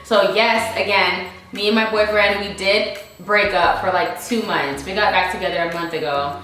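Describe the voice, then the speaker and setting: A young American woman vlogger casually works through viewer questions in a Q&A chat, emphatic and repeating points for stress. Her medium-pitched voice is bright and forceful with fairly even intonation and a moderate pace. She sits far from the mic in a very echoey room with faint music.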